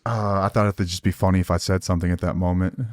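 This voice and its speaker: A middle-aged man co-hosting a podcast in casual chat with his wife. He speaks calmly and likes to joke. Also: low voice, quick pace, dry recording, clean studio sound. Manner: laid-back and joking, calm even when telling a story. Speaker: podcast co-host. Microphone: close podcast mic.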